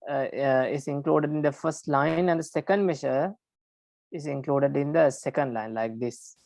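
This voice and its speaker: A woman teaching a class on Pali verse metre, explaining slowly with frequent pauses and restarts. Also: low-pitched, creaky, a little mellow, no room sound. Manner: halting, many fillers and restarts, careful explaining.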